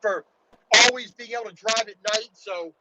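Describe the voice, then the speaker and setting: A man's voice: sits high, moderate pace. A man from Baltimore, a truck driver, chatting casually while driving, rambling with many restarts and "you know"s. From Baltimore, USA. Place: in a truck cab on the road. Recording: loud road and engine noise in a truck cab.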